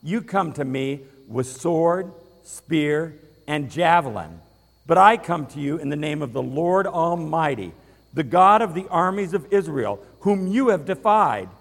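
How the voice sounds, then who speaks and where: A man's voice: high voice, takes it slowly, fairly bright tone, voice pushed up. A man voicing the young shepherd David, defiant and emphatic, declaiming. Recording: reverberant hall.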